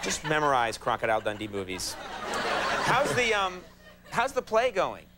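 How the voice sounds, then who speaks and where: A man's voice: on the high side, moderate pace, very noisy. Wisecracking male talk show host. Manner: wisecracking, animated. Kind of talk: late-night talk show banter.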